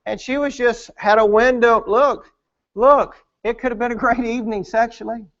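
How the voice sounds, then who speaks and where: A man preaching at a marriage conference during a church service, animated and acting out the voices in his stories. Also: extremely high pitch, moderate pace, highs cut off. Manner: animated, acts out quoted voices. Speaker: pastor.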